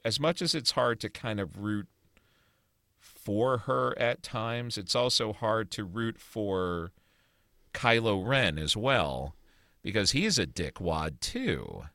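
A man's voice: on the low side, sing-song, takes it slowly, vocal fry, bright, forceful tone, no echo, studio quality. A man co-hosting a podcast, chatting casually and reviewing movies with opinionated, rambling talk. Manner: opinionated, rambling with restarts and swearing. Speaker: podcast co-host.

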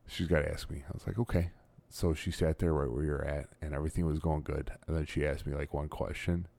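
A middle-aged man with a very low voice hosts a casual podcast, telling stories in an animated way that breaks into laughter. The sound is dry and close, with no room around it. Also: brisk, creaky, no echo. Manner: animated storyteller, laughs often, stumbles and restarts. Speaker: podcast host.

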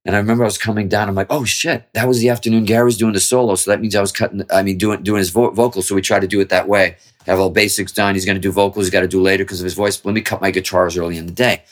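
Fast-talking low-voiced man telling stories. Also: little pitch movement. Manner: rambling, profane, with frequent restarts. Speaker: guest musician. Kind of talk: casual storytelling interview.

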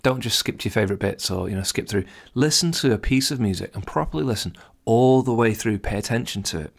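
Gravelly low-voiced man hosting a podcast. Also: animated, quick pace. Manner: earnest and encouraging, speaks straight to the listener. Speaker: podcast host. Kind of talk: casual advice monologue.

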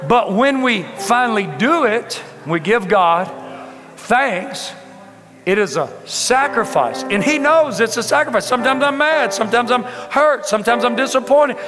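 A man preaching a sermon as a pastor, swinging between loud outbursts and soft, slow passages, speaking to his congregation. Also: very high voice, animated. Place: large church hall with congregation. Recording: reverberant church hall with music behind.

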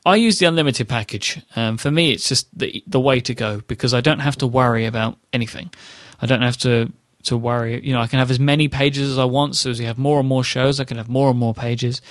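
A man's voice: mid-range voice, steady tone, fairly quick, few pauses, dry recording, clean studio sound. A man hosting a podcast, reading a sponsor ad in a chatty, enthusiastic way with many fillers. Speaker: podcast host. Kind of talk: casual podcast chat with ad read.

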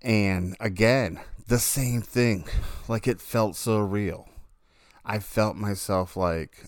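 Man, very low voice, dry close sound, rambling casual storytelling, self-corrections. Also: takes it slowly, no room sound. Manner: rambling, self-correcting, animated when telling dreams.

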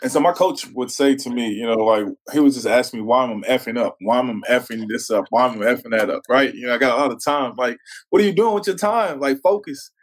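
A man's voice: medium pitch, fairly even intonation, brisk, hardly any pauses, rough recording. A former pro football player as a podcast guest, laid-back and casual, often saying "man" and acting out what others said. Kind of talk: casual interview storytelling.

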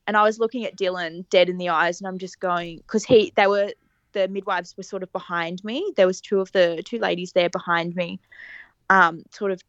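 Animated woman telling a story. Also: fairly low pitch, normal speed, no echo, muffled recording. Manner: animated, laughs often, acts out quoted lines. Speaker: podcast guest telling her birth story. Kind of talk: casual storytelling interview.

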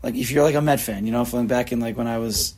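A man in his forties from the New York area, giving a casual Torah lesson with rapid rhetorical questions and frequent restarts. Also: medium pitch, a little mellow. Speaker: Torah class teacher.

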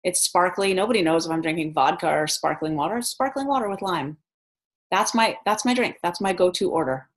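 A woman vlogger telling travel stories in a chatty, animated way, laughing as she goes. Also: fairly low pitch, a little fast. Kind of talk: casual storytelling vlog.

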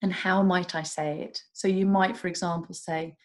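Woman on a podcast, lowish voice, calm gentle explainer, easy measured delivery. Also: rough recording. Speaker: guest, doctor and self-compassion coach. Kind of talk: podcast interview.

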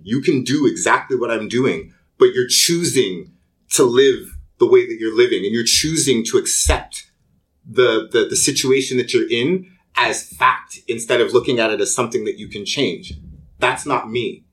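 A man's voice: mid-range voice, normal speed, fairly bright tone. A man and college student talking earnestly and with emphasis in a casual round-table chat. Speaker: student club member.

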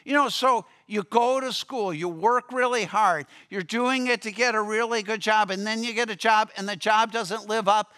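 Bright, clear-voiced pastor preaching. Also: male voice, high-pitched, normal speed, few pauses. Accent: Upper Midwest American. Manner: storytelling, conversational with fillers. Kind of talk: sermon. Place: church sanctuary.

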